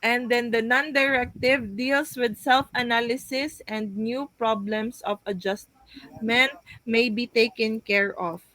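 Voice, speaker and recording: A woman's voice: on the high side, fairly even intonation, slow pace, pushed and bright, no room sound, poor audio. A young woman giving a class report, hesitant, with frequent fillers and restarts as she reads out points. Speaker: student presenting a class report.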